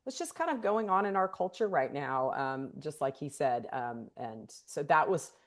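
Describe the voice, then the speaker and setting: A woman's voice: low-pitched, lively intonation, normal speed. A woman director from the San Francisco Bay Area, chatting thoughtfully with plenty of fillers in a video call interview. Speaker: film director. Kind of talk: casual interview chat. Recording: remote video call audio.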